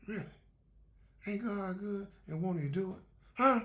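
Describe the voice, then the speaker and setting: A man's voice: high-pitched, lively intonation, normal speed, pauses often, fairly bright tone. A man giving a faith-based motivational talk in a conversational, repetitive, preacherly way. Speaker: motivational speaker.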